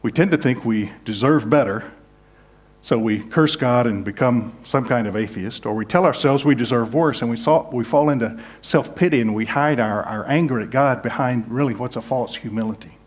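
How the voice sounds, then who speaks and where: A man's voice: mid-range voice, moderate pace. Earnest male pastor preaching a sermon. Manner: earnest, shifts from hushed to emphatic. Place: church sanctuary.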